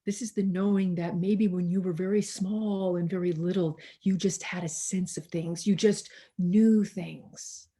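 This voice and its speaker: A woman minister preaching slowly and reflectively over a video call, pausing and restarting often, tired as she speaks. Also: lowish voice, fairly even intonation, dark tone. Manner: slow, reflective, with many restarts and pauses.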